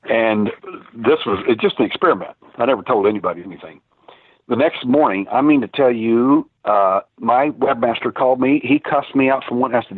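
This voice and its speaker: Older man, rambling storyteller, husky, dry thin phone sound. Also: medium pitch, brisk, no room sound. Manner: rambling, many fillers and restarts. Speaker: phone-in guest; private investigator and former cop. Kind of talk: casual storytelling. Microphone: telephone. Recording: tinny dry phone line.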